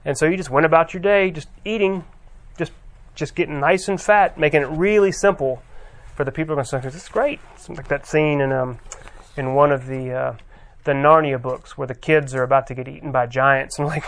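A man preaching a conversational sermon, reading scripture aloud and pausing often with fillers. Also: medium pitch, steady tone, vocal fry.

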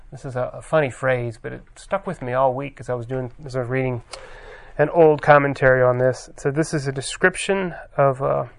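Gravelly-voiced man preaching a sermon. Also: medium pitch. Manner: conversational, halting with fillers, reads scripture aloud.

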